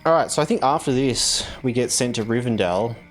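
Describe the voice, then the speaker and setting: A man streams himself playing an online game and chats loosely to his viewers. His talk rambles, stops and restarts, with plenty of filler words. Soft game music plays behind him. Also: mid-range voice, fairly quick. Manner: rambling, filler-heavy, self-correcting. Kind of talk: casual live-stream chat while playing.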